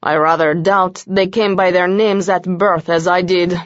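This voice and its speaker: A woman's voice: lowish voice, steady tone, measured pace, dry recording, natural voice. A woman voicing a cool, aloof ancient male vampire with an odd foreign accent, in a dull, dry recording.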